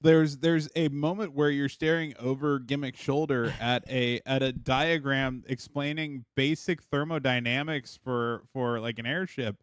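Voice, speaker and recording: A man's voice: medium pitch, steady tone, a little slow, hardly any pauses, dry recording. A male podcast guest in casual conversation with a middle-range voice. He jokes and laughs through what he says. The recording is dry and close to the mic. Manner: jokey, laughs through his points.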